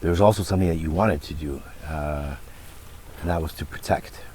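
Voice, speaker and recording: A man interviewing a guest, asking soft-spoken questions and offering brief affirmations. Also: very deep voice, a little fast, slight background noise.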